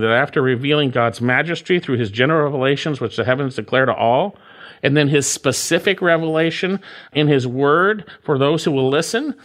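A man's voice: a little high, a bit bright. A man preaching a verse-by-verse sermon, stressing and repeating key phrases. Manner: emphatic, repeats key phrases, rising and falling delivery. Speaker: pastor. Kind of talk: expository sermon.

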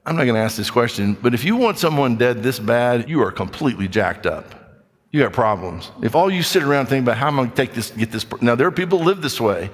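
A man preaching a sermon, reading scripture and acting out skeptics in quick, animated asides. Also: medium pitch, long reverb tail. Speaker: pastor.

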